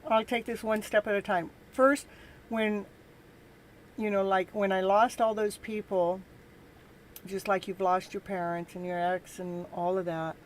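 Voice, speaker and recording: Female tarot reader and host, live reading, gentle and encouraging, mid pitch. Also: flat delivery, slight background noise. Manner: gentle, encouraging, halting delivery.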